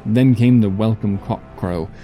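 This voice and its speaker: Dark-voiced male audiobook narrator. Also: lowish voice. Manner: measured, storytelling delivery. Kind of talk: dramatic first-person audiobook narration. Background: faint music.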